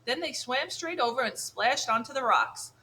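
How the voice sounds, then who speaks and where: Woman, audiobook narrator, clear, measured, bright, slightly high. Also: expressive, a little hiss or hum, rough recording.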